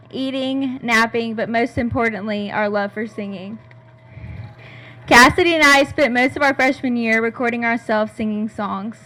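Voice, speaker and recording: A woman's voice: a little high, a bit bright. Young woman reading a heartfelt toast. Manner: heartfelt, reading, on the verge of tears. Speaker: bridesmaid giving a toast. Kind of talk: read-out wedding toast. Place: rehearsal dinner venue.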